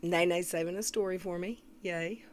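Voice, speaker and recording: Woman, 30s, chatty livestream commentary host, slightly low voice, clears throat often. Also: fairly even intonation, normal speed, slight background noise. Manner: chatty, greets viewers, reads comments aloud. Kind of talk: casual live commentary reading chat.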